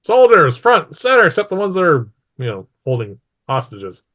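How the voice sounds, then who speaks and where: A man's voice: medium pitch, big pitch swings, normal speed, fairly bright tone. A man voicing a commanding woman sorcerer who barks orders at her soldiers. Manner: curt, barking orders.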